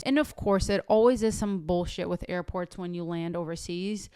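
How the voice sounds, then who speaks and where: A woman's voice: medium pitch, moderate pace, hardly any pauses, a bit bright, clean tone, no echo, clean studio sound. A woman co-hosting a podcast, telling stories bluntly and sassily and cursing freely in casual chat. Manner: blunt, sassy storyteller who curses freely. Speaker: podcast co-host.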